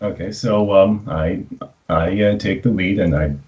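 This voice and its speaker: A man's voice: sits low, measured pace, darkish tone. A man playing a tabletop role-playing game over a video call that cuts out, hesitant and full of fillers. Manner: hesitant, many fillers and restarts. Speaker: player. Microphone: video call, cutting out. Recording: dull lo-fi call audio.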